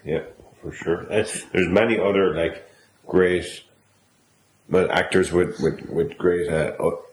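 Very low voiced guy on a movie podcast, echoey room, faint hiss. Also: steady tone. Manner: short agreeing replies, halting restarts. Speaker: podcast co-host. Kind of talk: casual film review chat.

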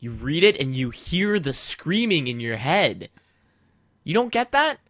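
Animated young man chatting on a show. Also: fairly high pitch, unhurried, no room sound, clean studio sound. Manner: animated, rambling with restarts. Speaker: co-host. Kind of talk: casual chat.

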